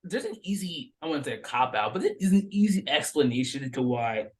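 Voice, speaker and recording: Animated man on a film review panel. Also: on the high side, fairly quick. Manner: animated, talks in bursts with self-corrections. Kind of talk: casual podcast discussion.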